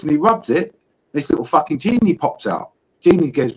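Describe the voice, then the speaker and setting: A man's voice: a little high, animated, quick pace, husky, poor audio. A man guest on a live stream, eagerly telling a crude joke in casual chat.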